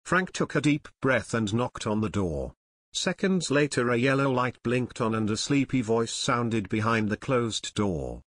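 Male audiobook narrator, measured and steady, mid-range voice, dead-dry close mic. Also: mid-range voice, no room sound. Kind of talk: scripted narration.

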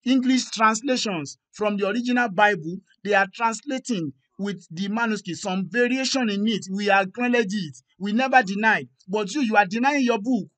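A man's voice: high-pitched, normal speed, few pauses, fairly bright tone. A man hosting a confrontational debate, pressing his caller with repeated, insistent questions. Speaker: host.

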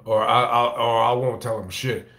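Speaking at normal speed with a fairly bright, medium-pitched voice that barely moves in pitch, this man tells a casual story to camera as a YouTuber and reads chat. The room sounds roomy, and his delivery is profane and rambling, full of stammered restarts.

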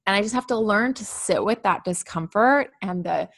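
A woman's voice: medium pitch, moderate pace, a bit bright, no room sound, studio quality. A woman talking candidly and chattily as a podcast guest, with lots of "like.". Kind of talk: casual podcast conversation.

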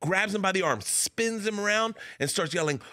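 A man's voice: lively intonation, moderate pace, bright, forceful tone, dry recording, clean studio sound. A comedian from Florida in his forties, telling a story in an interview and acting out the people in it. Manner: acts out characters with wild pitch jumps and laughter. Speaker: comedian guest. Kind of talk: animated storytelling.

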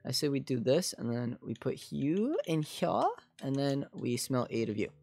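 During casual live gaming chat, a man talks with his viewers, rambling plenty and leaning on "like" as filler. His mid-range voice has lively intonation at a moderate pace, with vocal fry and a dark tone.

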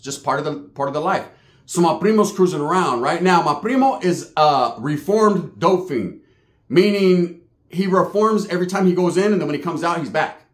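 A man telling a slangy, profane comedic story, full of punchy asides. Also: on the high side. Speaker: comic storyteller. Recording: roomy echo.

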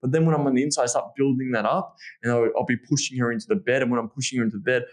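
A man's voice: medium pitch, racing. A man as a podcast guest and intimacy coach, talking in a casual, frank way with lots of swearing and fillers. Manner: frank, profane, animated, with frequent fillers.

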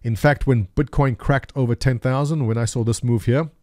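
A man's voice: mid-range voice, fairly even intonation, normal speed, a little mellow, dry recording, studio quality. A man in his forties, a former day trader, casually telling stories to his viewers and asking them rhetorical questions while he walks through a chart. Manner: laughs at his own stories. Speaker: streamer and market commentator. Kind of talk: casual storytelling over a chart.

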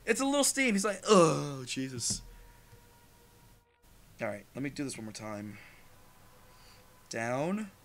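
A young man giving casual, rambling gameplay commentary as a channel host, swearing freely and jumping into loud outbursts. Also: mid-range voice, sing-song, takes it slowly, pauses often.

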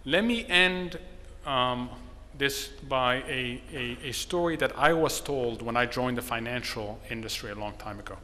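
Man lecturing in a bright voice. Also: medium pitch, slight background noise. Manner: measured, explanatory, tells a joke. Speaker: seminar speaker on the economy. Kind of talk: seminar talk. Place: conference hall. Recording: long hall reverb.

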